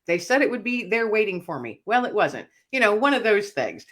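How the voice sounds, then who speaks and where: A woman author being interviewed, telling a personal story in an animated, emotional way. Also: medium pitch, brisk. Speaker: author and speaker, guest.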